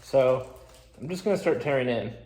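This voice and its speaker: A man chatting casually and excitedly as he shows his car restoration work, joking along the way. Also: mid-range voice, moderate pace. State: out of breath. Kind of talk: casual vlog commentary.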